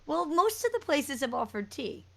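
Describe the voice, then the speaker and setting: A woman's voice: sits high, big pitch swings, normal speed, vocal fry, a little hiss or hum. Lady running a tabletop game, casual chatty narration, acts out sounds. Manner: casual, chatty, describes scenes with sound words. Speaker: game master.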